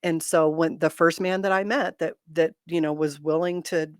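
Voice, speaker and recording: A woman's voice: deep voice, fairly even intonation, moderate pace, no room sound, studio quality. Chatty middle-aged woman hosting a livestream. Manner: candid, chatty, self-deprecating humor; reads viewer comments aloud. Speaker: host of a livestream chat. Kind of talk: casual livestream chat.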